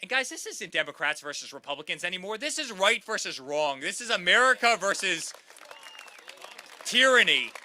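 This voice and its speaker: A campaign speaker in his thirties rallies a crowd, repeating lines and calling them "guys." His high, sing-song voice has a sharp tone and moderate pace, with a little hiss or hum in the recording.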